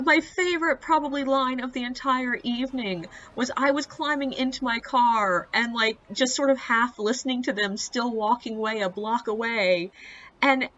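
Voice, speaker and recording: A woman who works as a ghost tour guide, telling a funny story in a casual, wry, animated way. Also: on the high side, muffled recording.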